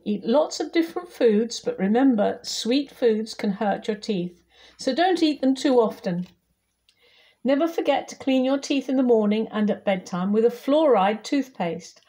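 A woman voicing a kindly female dentist who speaks in a calm, gentle, instructive way. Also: fairly high pitch, unhurried.

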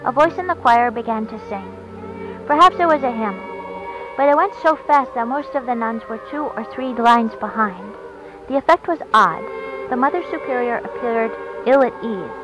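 A woman reading a short story aloud in a calm, even storytelling way, recorded on a dull lo-fi track with faint hiss. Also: fairly high pitch, moderate pace, music in the background. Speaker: narrator.

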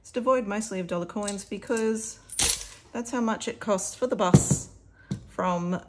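Australian woman host, casual home vlog, friendly chat over cash counting, mid pitch. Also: a little slow, heavy background noise. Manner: chatty and upbeat, talking to viewers while counting. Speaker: budget vlogger.

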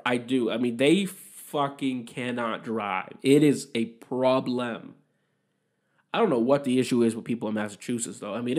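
A young man rambles through a casual solo podcast monologue. His voice sits at a middle pitch, and he swears freely as he airs his opinions. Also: darkish tone. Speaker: podcast host.

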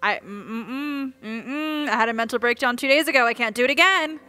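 A woman's voice: on the high side, rapid-fire, bright, forceful tone, soft background music. A young woman hosting a casual movie reaction video, joking and swearing freely. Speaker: YouTube reaction host.

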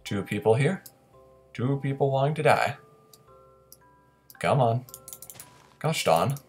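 A young man talks through his match in a relaxed, unhurried way, teasing his opponents. His pitch swings widely, and he jumps to loud, excited shouts when a fight heats up. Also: husky, soft background music. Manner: playfully taunting opponents, bursts of loud excitement. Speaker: gaming commentator. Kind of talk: casual gameplay commentary.

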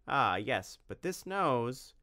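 A man's voice: medium pitch, very animated, slow, pushed and bright, voice pushed up, exaggerated voice. A man voicing a sly, greedy male cobbler who haggles in a wheedling drawl, in a storybook reading.

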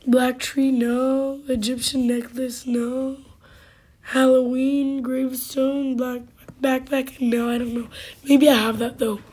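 Hoarse high-voiced woman gaming host. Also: level tone, a little mellow. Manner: halting, with many fillers and sudden drops to a whisper. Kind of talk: casual gameplay commentary.

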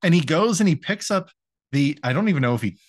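A man's voice: fairly high pitch, animated, fast talker. A young man co-hosting a podcast, retelling an episode in a loose, profane, laughing way. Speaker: podcast co-host. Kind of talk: casual recap chat.

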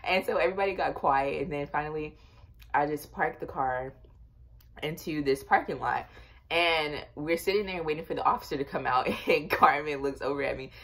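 A young woman casually telling a storytime tale to her viewers, chatty and animated, with lots of fillers. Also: low voice, moderate pace. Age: young adult. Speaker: vlogger.

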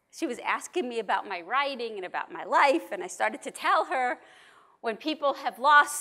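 A woman rabbi from New York speaks in a high voice at a slow, deliberate pace. She delivers a measured, emphatic talk to a conference audience. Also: a bit bright. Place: conference hall.

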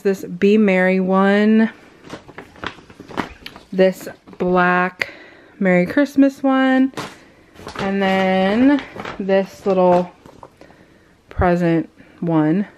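Slow-talking young woman vlogger. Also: medium pitch, slight background noise. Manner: chatty, loose, with many ums and likes. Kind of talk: casual vlog haul chat.

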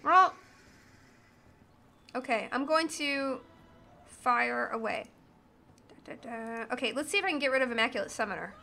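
A woman in her thirties chats loosely while streaming a game, her high, bright voice bouncing between commentary and silly sung bits. She is playful and goofy, humming and singing nonsense as she plays. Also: animated, moderate pace, creaky, long pauses, a little hiss or hum. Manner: goofy, sings and hums while playing. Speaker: streamer playing a video game. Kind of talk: casual gaming chat.

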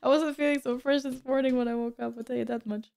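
A woman's voice: high voice, fairly even intonation, quick pace, vocal fry, a little mellow, smooth. A woman streaming a game and chatting casually, greeting viewers by name and laughing often, a little stuffy from a cold. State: slightly stuffy, recovering from a cold. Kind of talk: casual live-stream chat.

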